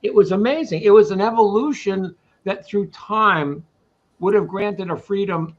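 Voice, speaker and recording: A man's voice: high voice, unhurried, dull audio. A man hosting a casual live-stream talk who rambles, repeats himself and speaks his mind, from Boston. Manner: rambling, opinionated, repeats words. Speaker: host.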